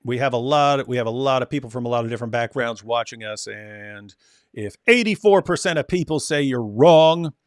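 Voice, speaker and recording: A man's voice: mid-range voice, fairly quick, no room sound, clean studio sound. A man co-hosting a casual reaction chat, telling stories and acting out the lines of others. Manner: storytelling, acts out quoted dialogue. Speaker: co-host.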